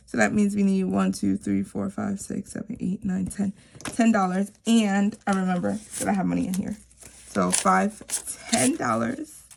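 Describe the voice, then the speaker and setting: A woman's voice: mid-range voice, expressive, normal speed, vocal fry, slight background noise. A woman chatting casually to camera about her savings challenges, rambling with lots of fillers. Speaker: savings vlogger; teacher.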